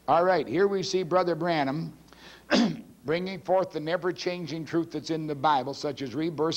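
A male preacher with a fairly high voice delivers a teaching sermon from the pulpit. He pushes his points hard, swinging his pitch up and down. He clears his throat now and then between phrases. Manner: forceful, emphatic preaching with big swings in pitch. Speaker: pastor. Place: church pulpit.

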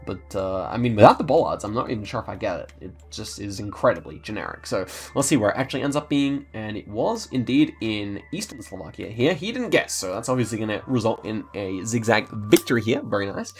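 Gravelly low-voiced man commentating gameplay. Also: animated, brisk, hardly any pauses, soft background music. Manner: thinks aloud, chatty, talks to viewers. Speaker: gaming channel host.

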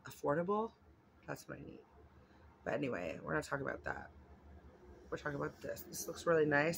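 Chatty woman with a gravelly voice. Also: low voice, slight background noise. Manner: chatty, rambling, gushing, many fillers. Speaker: vlogger. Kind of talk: casual unboxing chat.

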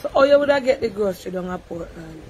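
A woman's voice: mid-range voice, lively intonation, a little mellow, slight background noise. Jamaican woman hosting a live call-in. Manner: brisk, coaxing and soothing. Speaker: live stream host.

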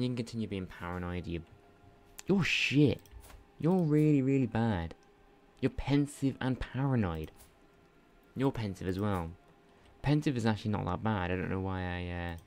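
A young man casually commentating his strategy game as he plays, chatty and self-mocking, thinking out loud, at a desk mic at home. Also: sits low, clean tone. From not Irish. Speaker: gaming channel host. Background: faint game music and keyboard typing.

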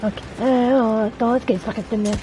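Swearing woman gaming streamer, mellow voice. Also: fairly high pitch, fairly even intonation, brisk, faint music behind, rough recording. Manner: swears a lot, startled exclamations. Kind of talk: casual gameplay commentary.

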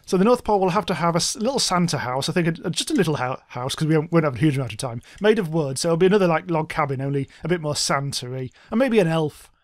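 A man's voice: a little high, lively intonation, quick pace, few pauses. A young man co-hosting a gaming video, chatting casually while he builds, jokey and rambling. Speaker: gaming channel co-host. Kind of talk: casual gameplay chat.

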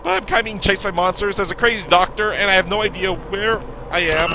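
A man giving chatty gameplay commentary, joking back at the game and yelling in panicked bursts when he is attacked. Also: high voice, fast talker, few pauses, over music. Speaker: let's play gamer.

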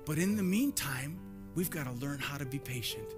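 A man's voice: fairly high pitch, lively intonation, normal speed, music in the background. A man preaching a sermon as pastor in a church, conversational and storytelling, repeating lines for emphasis.

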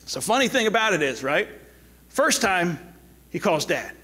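Middle-aged male pastor, church sermon, a bit high-pitched, casual storytelling moving into soft exhortation. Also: very animated, slightly rough. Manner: storytelling with quick asides, then soft pleading exhortation. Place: church sanctuary.

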